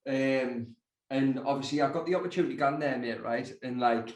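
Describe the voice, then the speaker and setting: A man's voice: mid-range voice, fairly quick, darkish tone, reverberant. A young Geordie man as a guest in a casual chat, laughing often and swearing freely. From North East England. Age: young adult.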